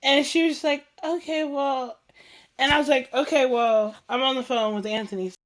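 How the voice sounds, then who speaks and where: A woman hosting a casual chat show, telling stories in an animated, slangy way, acting out what people said and laughing often. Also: high voice, moderate pace. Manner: animated storytelling, acts out quoted dialogue, laughs often; slangy and informal. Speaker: podcast host.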